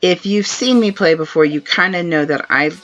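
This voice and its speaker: This woman's fairly low-pitched voice moves at a moderate pace as she streams a game live, chatting easily and laughing often. The stream audio is dull and lo-fi, with faint game music in the background.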